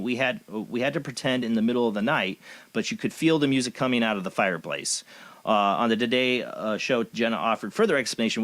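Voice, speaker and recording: A man's voice: medium pitch, animated, quick pace, fairly bright tone. A man hosting a paranormal radio show, reading news items aloud and giving blunt, opinionated commentary. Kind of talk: casual chat.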